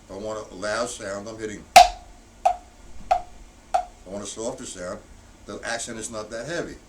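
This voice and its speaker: A man teaching a drum lesson on a live stream, counting beats out loud and punching the accented ones. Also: on the low side, fairly even intonation, a little slow. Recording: distant mic, loud background noise.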